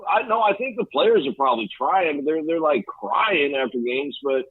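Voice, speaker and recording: A man's voice: on the high side, animated, normal speed, no room sound. A man co-hosting a casual fantasy league chat, rambling and bluntly trash-talking with laughs. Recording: tinny phone-line sound.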